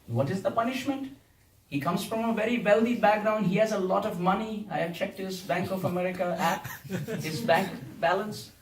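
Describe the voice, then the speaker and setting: A man giving a playful, humorous devotional class to a temple audience, laughing often and reciting verses. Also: sits high. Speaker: preacher giving a Sunday class. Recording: echoey hall, distant mic, faint hiss.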